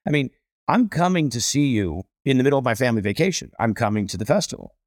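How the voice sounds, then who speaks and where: Man, middle-aged, emphatic storyteller, very animated pitch, dry sound. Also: quick pace, no echo. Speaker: celebrity chef guest. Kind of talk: casual conversation.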